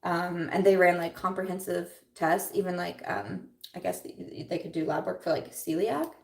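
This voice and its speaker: A woman's voice: lowish voice, steady tone, normal speed, a little mellow, distant mic. A young woman chatting casually in a livestream while doing her makeup, rambling with lots of fillers and nervous laughs. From Iowa. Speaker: beauty vlogger. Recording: roomy echo, voice a little off mic.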